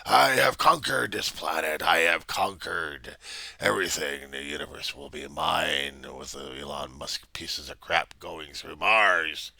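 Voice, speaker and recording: A man's voice: extremely low pitch, creaky, pushed and bright, no echo, heavily acted. A man voicing an arrogant male bully who sneers and bellows threats at a listener. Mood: bellowing.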